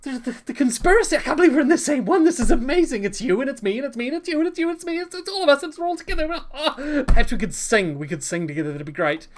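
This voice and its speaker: A woman's voice: high-pitched, lively intonation, rapid-fire, few pauses, slight background noise, pitched above the performer's own voice. A woman voicing a gushing, starstruck female dragonborn bard who squeals and talks in a breathless rush. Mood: gushing excited.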